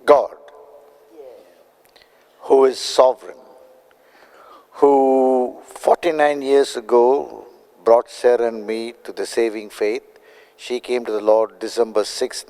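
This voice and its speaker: An older man from India, a guest telling his testimony in an animated way and acting out quoted dialogue. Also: gravelly, low-quality recording. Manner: acts out quoted dialogue with big pitch jumps. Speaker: guest prophet.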